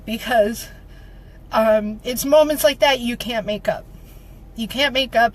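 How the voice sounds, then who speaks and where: Woman vlogger, slightly high voice, emotional and rallying, repeats her lines for emphasis, close to tears. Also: a little slow, fairly bright tone, slight background noise, poor audio. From Minnesota. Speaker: motivational vlogger. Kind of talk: heartfelt direct-to-camera update.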